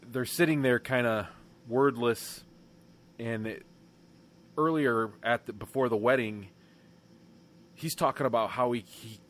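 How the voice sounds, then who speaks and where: A man's voice: medium pitch, slight background noise. A man co-hosting a casual podcast chat, talking in a reflective way and thinking aloud. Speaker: podcast co-host.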